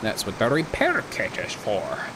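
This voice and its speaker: A man's voice: huge pitch swings, unhurried, noisy background. Chatty, rambling male game streamer. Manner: rambling and chatty, with sudden squeaky joke voices. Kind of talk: casual gameplay commentary.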